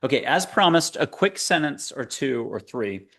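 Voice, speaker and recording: A man's voice: medium pitch, lively intonation, moderate pace, creaky, fairly bright tone. Playful man hosting a spiritual show. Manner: playful, jokey, coaxing guide. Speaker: show host. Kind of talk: guided meditation talk show.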